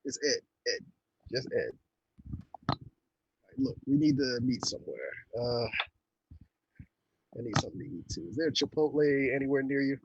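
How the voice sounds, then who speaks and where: A man's voice: mid-range voice, animated, moderate pace, pauses often, highs cut off, a little hiss or hum. A man playing a tabletop role-playing game, casually speaking his character's actions and lines aloud. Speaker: player.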